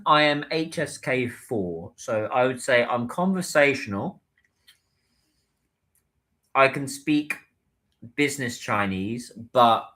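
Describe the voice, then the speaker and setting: British male streamer, casual, talks to chat on his phone, mid-pitched voice. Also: a bit bright. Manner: chatty, reads out and answers viewer comments. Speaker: livestreamer.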